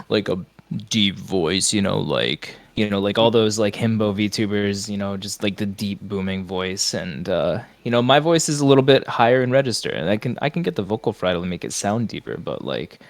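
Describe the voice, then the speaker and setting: A man's voice: on the low side, animated, normal speed, no echo. A man chatting as a podcast guest, easygoing and rambling with casual swearing.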